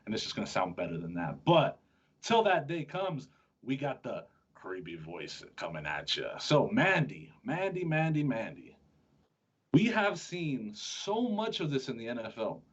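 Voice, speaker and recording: Man, sports podcast host, husky voice, chatty and joking, lo-fi recording. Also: mid-range voice, big pitch swings. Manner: chatty, joking, quick-talking with restarts. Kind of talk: casual sports chat. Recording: dull lo-fi sound.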